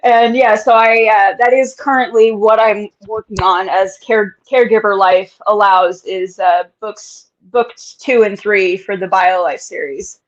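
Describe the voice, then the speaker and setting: A woman's voice: medium pitch, fairly even intonation, a little slow, few pauses. A woman author in a casual interview, talking candidly and often laughing. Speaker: author guest. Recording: dull lo-fi sound.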